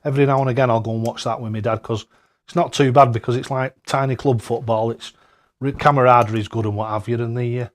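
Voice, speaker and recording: A man, hosting a casual darts live-stream, chatty and jokey, laughing often and loud when he greets viewers. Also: medium pitch, fairly even intonation, fast.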